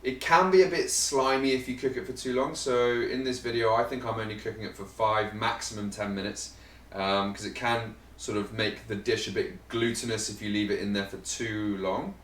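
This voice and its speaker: A man's voice: lowish voice, steady tone, normal speed, a bit bright, slight background noise. Chatty man in a roomy kitchen. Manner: chatty and rambling, joking about himself. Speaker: vegan cooking channel host. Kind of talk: casual cooking-show explanation to camera. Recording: roomy sound, mic set at a distance.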